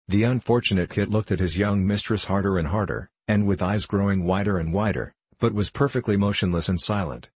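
A man reading a classic novel aloud as an audiobook narrator, in a steady, measured way. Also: on the low side, husky, dry recording. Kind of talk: scripted narration.

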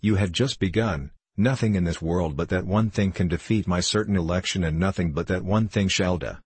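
A man voicing a loyal, eager male stage manager who answers briskly, in an audiobook reading. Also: sits low, breathy edge, no echo. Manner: brisk and obliging. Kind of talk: audiobook character voice.

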